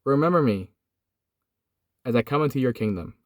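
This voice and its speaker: A man's voice: medium pitch, lively intonation, moderate pace, dry recording, studio quality, voice pushed down, natural voice. A man voicing a repentant criminal, an adult man who pleads humbly in a raised, urgent voice. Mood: pleading.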